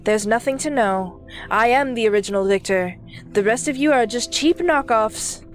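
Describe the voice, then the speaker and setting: A woman's voice: fairly high pitch, moderate pace, faint music behind, lightly acted. A woman voicing a pompous elderly man with a British accent who claims to be God. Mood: haughty. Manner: smug, self-important, condescending.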